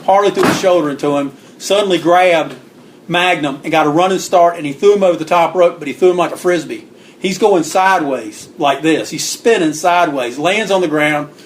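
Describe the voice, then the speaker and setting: Guy telling old stories, kinda high voice, acts out the quotes, clears throat a lot. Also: a little fast, slight background noise. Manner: animated storyteller acting out quotes. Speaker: guest author. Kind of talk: storytelling interview.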